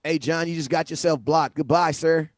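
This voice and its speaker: A man hosting a livestream, talking sports in a casual, animated, slangy way and often repeating himself. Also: on the high side, moderate pace, no echo, studio quality. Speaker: livestream host. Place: home livestream setup. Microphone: phone.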